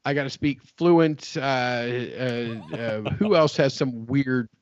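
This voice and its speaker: A man's voice: medium pitch, takes it slowly, clear, resonant tone, no echo, muffled recording. A man from West Virginia co-hosting a casual podcast chat, rambling and repeating himself with frequent laughs. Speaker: podcast co-host.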